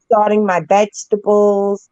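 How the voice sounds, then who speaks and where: A woman's voice: mid-range voice, little pitch movement, measured pace, dark tone, no room sound. A woman joining a casual online chat, talking in an emphatic, folksy way and drawing out her phrases. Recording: dull, dry lo-fi mic.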